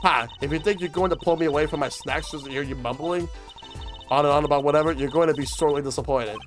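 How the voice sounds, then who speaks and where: A man voicing a short-tempered young female detective who snaps at anyone who interrupts her snacking. The delivery is brusque and close to the reader's own fairly high voice. Faint game music plays behind. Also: fast, close to an everyday voice. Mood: irritable. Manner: brusque, irritable. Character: grumpy snack-munching young woman detective.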